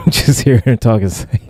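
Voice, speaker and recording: A man's voice: medium pitch, dark tone, no room sound. A man co-hosting a casual podcast chat, rambling with lots of fillers and easy laughter. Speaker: podcast co-host.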